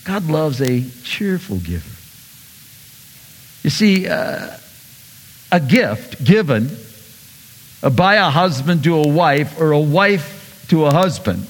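A male pastor preaching a sermon, animated, swinging between loud bursts and soft asides. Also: high voice, in a large hall.

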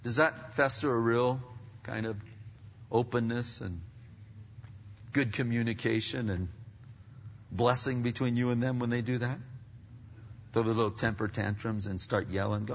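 A man preaching a sermon as pastor, animated and swinging from quiet asides to loud climaxes. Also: medium pitch, moderate pace, pauses often, slight background noise. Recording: long reverb, dull lo-fi sound.

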